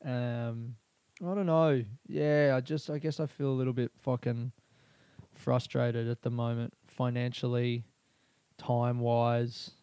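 A man's voice: medium pitch, level tone, measured pace, mellow, smooth, no room sound. A young man, a comedian, talking through a candid, rambling personal monologue full of fillers and swearing. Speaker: comedian podcast host.

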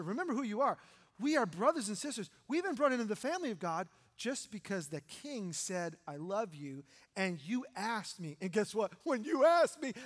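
A man preaching a sermon as pastor, animated and acting out voices from the story. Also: high-pitched. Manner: animated, acts out the parable's voices. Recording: long hall reverb.

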